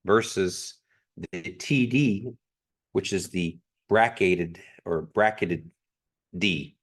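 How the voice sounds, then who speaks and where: Brief: man, low voice, very slow and patient, teaching sounds in a classroom. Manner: slow, patient, repeats each sound three times. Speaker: language teacher. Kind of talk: pronunciation drill in a class.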